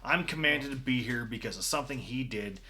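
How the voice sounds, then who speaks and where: A man's voice: medium pitch, lively intonation, a little fast, pushed and bright, slight background noise. A man voicing a massive, fiery, evil-looking male knight who grumbles and resents intruders in a tabletop game. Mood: bitter.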